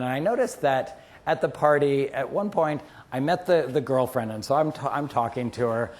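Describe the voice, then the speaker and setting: Animated man giving a biology lecture. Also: medium pitch. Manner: animated storyteller, quotes friends in asides. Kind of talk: lively lecture with anecdotes. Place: lecture hall.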